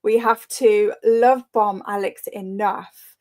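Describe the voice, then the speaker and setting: A woman's voice: medium pitch, fairly even intonation, slow pace, a little mellow. A woman hosting a live reading sprint, chatting casually and greeting commenters by name, often laughing. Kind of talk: casual live-stream chat.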